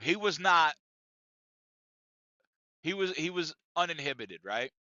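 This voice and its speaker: Male podcast co-host, emphatic and profane storyteller, forceful tone, dry close mic, a bit lo-fi. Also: fairly high pitch, expressive, takes it slowly, no room sound. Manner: profane, emphatic, repeats himself. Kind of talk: casual storytelling rant.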